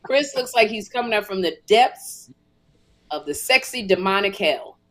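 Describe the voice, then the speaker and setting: A woman's voice: medium pitch, animated, normal speed, a bit bright. A middle-aged woman hosting a podcast, chatting casually and acting out dialogue as she tells a funny story. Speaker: podcast host. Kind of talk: casual comedic chat.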